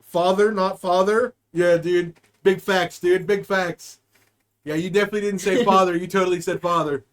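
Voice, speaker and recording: A man's voice: sits high, little pitch movement, moderate pace. A man co-hosting a comedy podcast, chatting casually and jokingly. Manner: joking, does goofy put-on voices. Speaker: podcast co-host.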